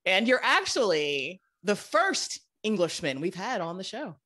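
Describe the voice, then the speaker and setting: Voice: mid-range voice, big pitch swings, a little slow, pushed and bright. A podcast host interviewing a guest in a playful, casual way, laughing often.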